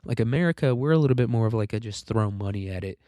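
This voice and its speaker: A man's voice: on the low side, animated, quick pace, dark tone, dry recording, clean studio sound. A man hosting a casual political commentary monologue, sarcastic, profane and rambling, and a little congested with frequent coughing. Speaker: podcast host.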